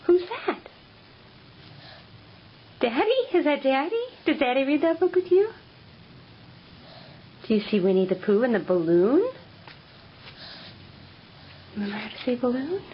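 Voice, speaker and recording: Woman, baby talk, high and sing-song, slow and encouraging, dull noisy home video. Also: lively intonation. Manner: gentle, encouraging, coaxing. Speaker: parent filming her toddler. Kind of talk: soft baby talk to a toddler. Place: home, by the stairs and in a child's room. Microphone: handheld camera filming from behind.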